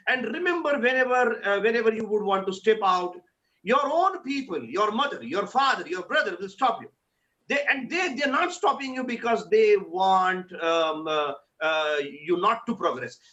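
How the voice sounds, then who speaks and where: Man, high voice, bright tense tone, earnest urging talk, repeats words. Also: dull audio. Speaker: panel speaker. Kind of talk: motivational talk.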